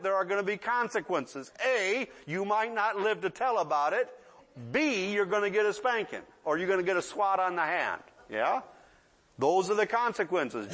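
An older man in his sixties delivers a sermon in a relaxed, conversational style, with a fairly high-pitched voice. He keeps checking in with his listeners and slips into children's voices to make his points. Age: 60s. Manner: conversational, often asks the audience "yeah?"; acts out children's voices in asides. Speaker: preacher.

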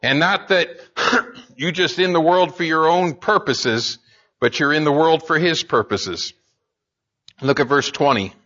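A man's voice: fairly high pitch, measured pace, pushed and bright, dull audio. A man preaching a sermon in an earnest way, building emphasis and often restarting his words as he speaks. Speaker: pastor.

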